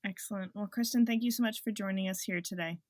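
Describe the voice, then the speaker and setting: A woman's voice: medium pitch, steady tone, quick pace. A woman hosting a podcast interview, asking short questions and laughing along with her guest. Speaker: podcast host. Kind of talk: casual interview chat.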